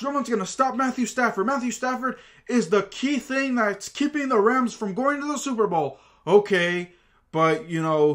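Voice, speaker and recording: A man with a fairly high voice talks through his sports picks in a loose, casual way. He rambles, circles back and fills gaps with plenty of asides. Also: a bit bright. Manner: rambling, chatty, lots of fillers and asides. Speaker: channel host. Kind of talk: casual sports prediction talk.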